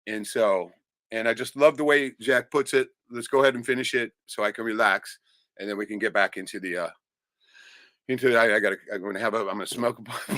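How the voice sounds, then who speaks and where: A man's voice: medium pitch, pushed and bright, no room sound, clean studio sound. A man hosting a livestream, delivering an angry, profane rant and swearing constantly. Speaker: livestream host. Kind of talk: angry ranting monologue.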